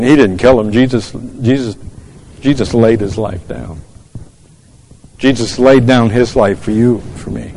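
A man's voice: mid-range voice, vocal fry, darkish tone. Fervent preacher man in a reverberant hall. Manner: fervent, repeats words, quotes scripture in old English. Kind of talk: sermon.

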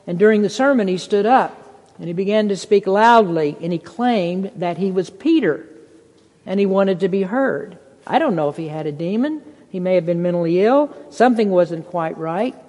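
Preacher with a long hall reverb. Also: darkish tone. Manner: reads scripture in King James wording, rises in pitch for emphasis. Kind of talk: sermon. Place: church sanctuary.

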